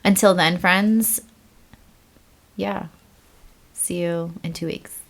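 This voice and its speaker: A woman's voice: fairly low pitch, fairly even intonation, takes it slowly, creaky, slight background noise. A woman co-hosting a podcast, chatting casually and animatedly, laughing easily. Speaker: podcast co-host. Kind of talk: casual chat.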